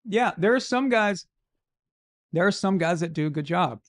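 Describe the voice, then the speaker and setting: A man with a fairly high voice and a gravelly, fried edge hosts a live show. He rants bluntly and casually about sports, swearing freely. The sound is dry and close. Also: animated, normal speed, dry recording.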